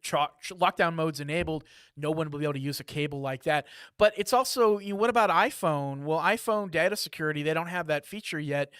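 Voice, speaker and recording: A man hosting a live security news briefing, talking in a lively, chatty way with asides and jokes. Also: on the high side, fairly quick, smooth, dry recording, studio quality.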